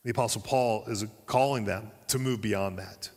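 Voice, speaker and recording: A man's voice: on the low side, normal speed. Man preaching a sermon in a hall. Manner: animated, acts out quoted voices. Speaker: pastor.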